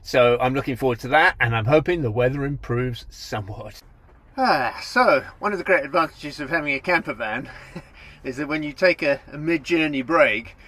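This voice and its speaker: Filming from his camper van and outdoors beside the road, this cycling vlogger has a slightly bright voice on the high side. Traffic noise fills the background as he chats to camera in a rambling, self-correcting way.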